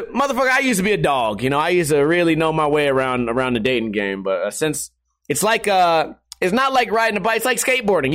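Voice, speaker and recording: A young man talks from home on his stream, loose and profane, wandering from story to story and cracking himself up. His voice sits high for a man, and the delivery stays casual and crude throughout. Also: a bit bright. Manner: crude, rambling, laughs at own stories.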